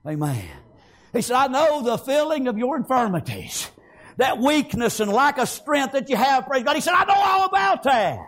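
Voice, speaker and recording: Preacher, male, high tenor, fervent fiery sermon with shouted peaks and amens. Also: expressive, normal speed. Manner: fervent, punctuates with amen and praise God; breaks into shouting.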